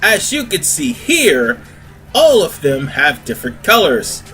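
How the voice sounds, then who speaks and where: Host of a gaming channel: a male voice on the higher side, bright and forceful, chatty and rambling, faint game music under him. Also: huge pitch swings, measured pace. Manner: chatty, rambling, self-correcting. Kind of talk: casual let's-play commentary.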